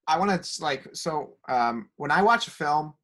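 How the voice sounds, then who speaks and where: A male podcast co-host explaining his view of films in casual chat. He is hesitant and self-conscious, with many ums. His voice sits a little above the usual male pitch. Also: lively intonation, moderate pace, fairly bright tone. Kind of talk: casual film discussion.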